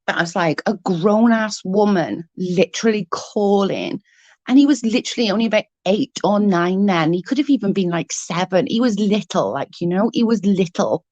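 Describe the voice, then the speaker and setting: A woman's voice: medium pitch, lively intonation, normal speed, darkish tone, dry recording, lo-fi sound. A woman in her thirties telling a story on her vlog in a casual, heated way, swearing freely and acting out what was said. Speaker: vlogger.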